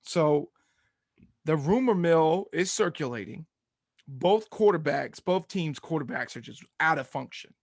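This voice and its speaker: Ranting Southern man, higher voice. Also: a little slow, no room sound, studio quality. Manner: animated ranting, laughs often. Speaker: podcast co-host. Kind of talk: casual sports podcast chat.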